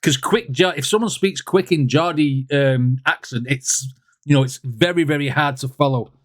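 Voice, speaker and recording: A man's voice: fairly high pitch, normal speed. A man hosting a music reaction video, chatting casually and rambling with frequent laughs.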